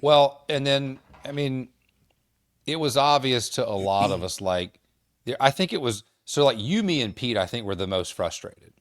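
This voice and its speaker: A man co-hosting a podcast, talking in a measured, wry way and steering clear of swearing. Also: medium pitch, animated, no room sound, clean studio sound. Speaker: podcast co-host. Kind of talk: casual chat.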